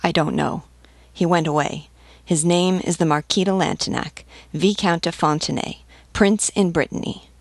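A woman's voice: sits low, no echo. A woman reading an earnest, devout young sailor. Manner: plain, earnest. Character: young devout male sailor, simple and loyal. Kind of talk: audiobook reading.

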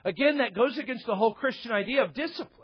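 A high-pitched man preaching a sermon from the pulpit. He mixes scripture with jokes and conversational asides, often restarting his words. The recording sounds muffled and lo-fi. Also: lively intonation, fast, slightly rough. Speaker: pastor.

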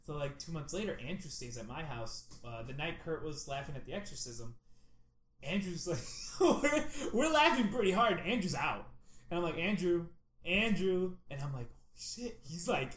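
Young guy, high-pitched storyteller, echoey room, excitable, full of "like". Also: moderate pace, slight background noise. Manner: excitable storytelling, lots of "like", acts out quotes loudly. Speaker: storyteller in a group chat. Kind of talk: casual chat, animated anecdote.

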